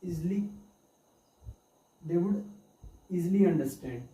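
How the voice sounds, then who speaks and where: A man teaching English pronunciation, who says each sound and example word again and again as a slow drill. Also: high voice, mellow. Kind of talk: pronunciation lesson. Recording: echoey room, voice from far off the mic, faint hiss.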